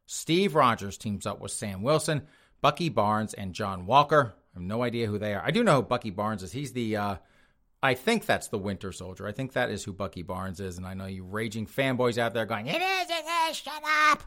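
A man's voice: fairly low pitch, brisk, fairly bright tone. Crass, rambling podcast host man. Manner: crass, mocking, rambling with frequent laughs. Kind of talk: casual comedic news commentary.

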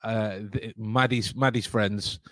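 A man's voice: fairly low pitch, fairly even intonation, slow, a bit bright, no echo, studio quality. Stammering man in casual chat. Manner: stammering, repeats words, laughs often. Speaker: podcast host.

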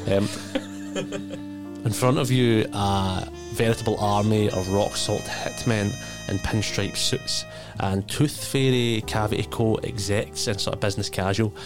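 A low-voiced man who narrates a tabletop game as game master. He describes the scenes in a relaxed way and keeps pausing on fillers. Faint music plays behind him. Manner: relaxed, hesitant with many fillers.

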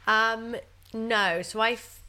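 A young woman speaking openly in a relaxed chat, full of fillers like "like" and "you know". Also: a little high, takes it slowly. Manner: chatty and open, many fillers like "like" and "you know". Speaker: guest. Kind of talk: candid casual chat.

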